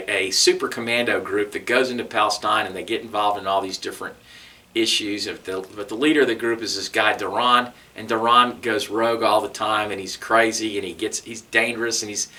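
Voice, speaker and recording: A man's voice: on the low side, bright, forceful tone, recorded from a distance. A man with a Texan accent, recounting his experiences in an oral history interview, telling it conversationally and acting out what people said. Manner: conversational storytelling with restarts, acting out quoted dialogue.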